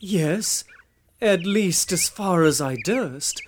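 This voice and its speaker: Actor doing a burdened pilgrim guy in a radio play, earnest and humble, talks real slow in old timey english, slight hiss. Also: mid-range voice, lively intonation. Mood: contrite. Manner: earnest, pleading, old-fashioned formal speech. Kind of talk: radio drama acting in archaic English.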